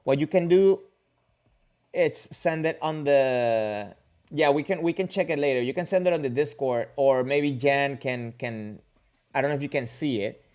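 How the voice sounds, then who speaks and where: A man's voice: medium pitch, normal speed, darkish tone. A man hosting a casual livestream, answering viewer comments and questions in a rambling, joking way with many restarts. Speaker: kendo livestream host.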